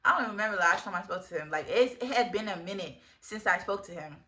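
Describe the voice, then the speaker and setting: A young woman in her twenties telling a casual storytime, animated and full of slang, laughing often. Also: mid-range voice, quick pace. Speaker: vlogger.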